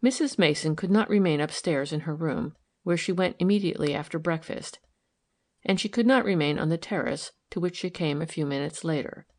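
A woman narrating a novel as an audiobook in a measured, even way. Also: sits low. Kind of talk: scripted narration.

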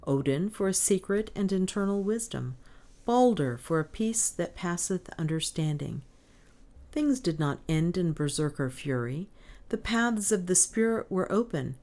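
Low-voiced woman reading a novel. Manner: measured, expressive storytelling. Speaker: narrator.

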